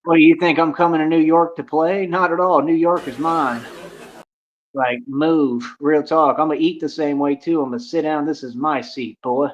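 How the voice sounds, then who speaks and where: A man's voice: fairly high pitch, steady tone, moderate pace, dull audio. A young man ranting boastfully to his stream audience, brash and swaggering, filling his talk with "like". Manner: brash, swaggering, heavy use of "like".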